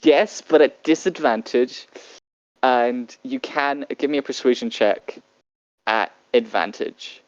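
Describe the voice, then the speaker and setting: A woman with an extremely low-pitched voice runs a tabletop game as game master. Her narration is halting, packed with fillers and restarts. The audio is dull, with no echo.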